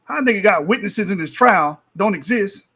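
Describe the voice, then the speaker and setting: A man's voice: high-pitched, expressive, normal speed, bright, forceful tone. A man in a heated online debate, boastful and profane, mocking his opponents and laughing between points.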